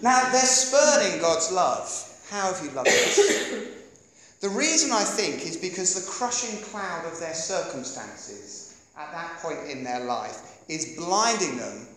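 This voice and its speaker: Echoey English man preaching with lively asides. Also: a little high, measured pace, few pauses, crowd noise. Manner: animated, jokey asides to the congregation. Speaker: pastor. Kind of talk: sermon. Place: church hall. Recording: echoey church hall.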